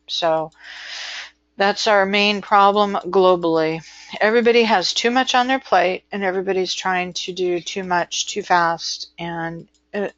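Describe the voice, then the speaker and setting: A woman's voice: on the low side, fairly even intonation, measured pace, a bit bright, dry recording, highs cut off. Chatty woman giving a rambling online lesson. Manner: rambling, chatty, with many ums and asides. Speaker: transcription instructor. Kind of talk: casual webinar lecture.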